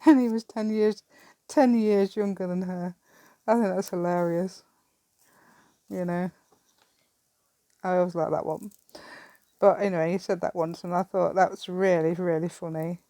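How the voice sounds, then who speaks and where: A woman's voice: on the low side, steady tone, moderate pace, mellow, no echo. A middle-aged English woman chatting in a rambling way while she works on a craft project, laughing often. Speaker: craft vlogger. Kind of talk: casual chat while crafting.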